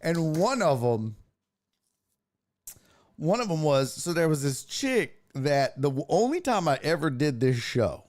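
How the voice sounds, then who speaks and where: A man hosting a podcast, telling a comedic story in a profane, animated way and acting out what he said. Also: fairly high pitch, measured pace. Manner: profane, animated, acts out his own quotes. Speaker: podcast host.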